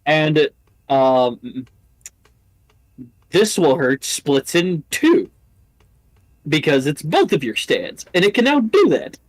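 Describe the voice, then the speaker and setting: A man's voice: a little high, sing-song, slow, long pauses, dry recording, poor audio. A man running a tabletop role-playing game, narrating casually with swearing and frequent laughter. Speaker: game master.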